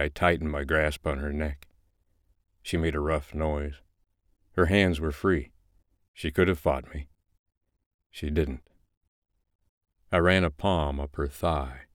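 Male narrator-host, deep bass, unhurried, dry booth sound. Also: no room sound. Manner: slow, measured first-person reading. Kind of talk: reading an erotic fiction excerpt.

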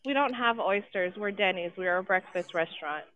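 Flat-voiced worker over a tinny phone line. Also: mid-range voice, brisk, no echo. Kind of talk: phone call.

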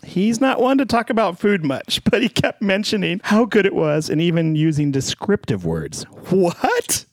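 A man's voice: high-pitched, very animated, normal speed, few pauses, dry recording. A man voicing a chatty, cheerful woman reviewer, reading theatrically with a lilt. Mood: gushing.

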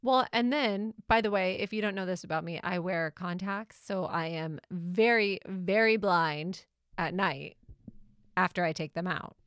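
A woman's voice: lowish voice, unhurried, a bit bright, smooth, no room sound, studio quality. A middle-aged woman co-hosting a podcast, telling family stories in a chatty way and laughing often. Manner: chatty storytelling, laughs often, acts out quotes. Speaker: podcast co-host, mother. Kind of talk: casual chat.

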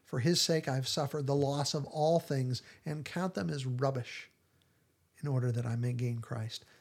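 A man's voice: medium pitch, moderate pace, gravelly, a little mellow. A man hosting a podcast, retelling scenes in casual chat and acting out the quoted lines with animation. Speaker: podcast host.

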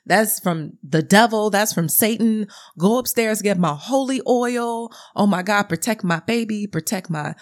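A woman's voice: mid-range voice, a little slow, few pauses, voice pushed up, lightly acted. A woman doing an alarmed devout grandmother. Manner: exclaiming, scolding, praying.

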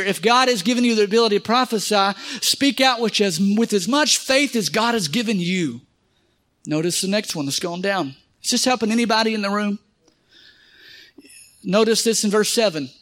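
A man preaching a sermon as pastor, emphatic, with rising shouts and folksy asides. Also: high-pitched.

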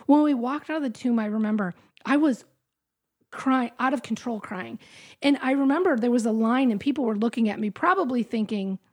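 A woman's voice: fairly high pitch, brisk, darkish tone. Earnest middle-aged woman sharing testimony. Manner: earnest, heartfelt storytelling. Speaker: guest. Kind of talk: faith testimony interview.

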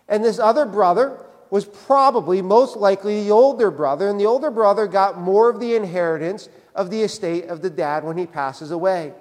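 In a church sanctuary with a big-room sound, a high-voiced male pastor preaches conversationally. "Right?" comes up again and again as he drives home each point.

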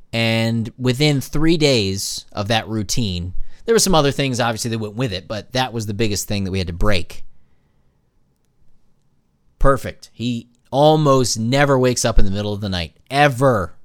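A man's voice: medium pitch, normal speed, no room sound, clean studio sound. A man and new father hosting a casual podcast monologue, telling jokey stories. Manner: animated, jokey storytelling.

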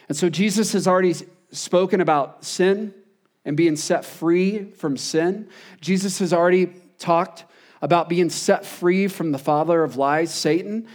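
A man preaching a sermon as pastor, earnest, repeating phrases and dropping soft for emphasis. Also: high-pitched, measured pace.

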